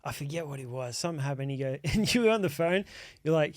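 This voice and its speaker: A man, co-host in a casual podcast chat, relaxed and quick to laugh. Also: a little high, no echo, clean studio sound. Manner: laid-back, laughs often, relaxed phrasing.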